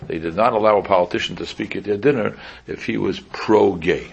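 Low, gravelly-voiced rabbi lecturing. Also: male voice, fairly quick, lo-fi sound, slight background noise. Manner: conversational, repeats pointed rhetorical questions. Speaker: rabbi teaching a class. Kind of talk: informal Torah lecture.

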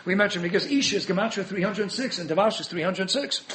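Man, rabbi teaching a Torah class, very high voice, quick delivery, animated, chuckling. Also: slight background noise. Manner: animated, chuckling, mixes in Hebrew and Yiddish terms. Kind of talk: Torah lecture.

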